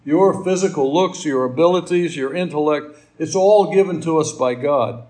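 A man's voice: a little high, moderate pace, a little mellow. A middle-aged man giving a conversational sermon, folksy and rambling, with asides and fillers. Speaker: preacher.

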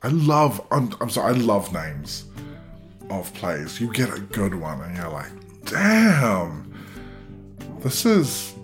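Young man, deep voice, unhurried, self-deprecating storyteller who acts out quoted voices. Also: lively intonation, faint music behind. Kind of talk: personal storytelling monologue.

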